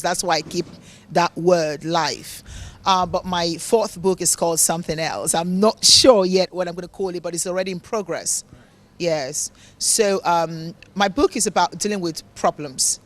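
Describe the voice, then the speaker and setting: A woman from Nigeria with a mixed, hard-to-place accent, answering interview questions as a motivational speaker and author. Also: lowish voice. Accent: mixed accent of English, African and Italian tones. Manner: earnest, preachy, repeats words for emphasis.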